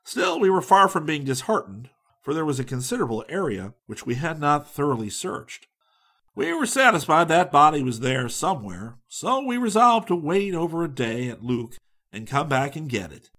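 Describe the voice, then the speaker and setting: A man's voice: fairly high pitch, sing-song, fairly bright tone. Man reading a wry travel story. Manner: measured, dry, wry storytelling. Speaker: audiobook narrator. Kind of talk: scripted narration.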